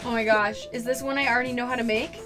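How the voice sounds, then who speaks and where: A woman streaming a video game in casual chat, talkative and quick to burst into excited squeals and laughter. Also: on the high side, over music.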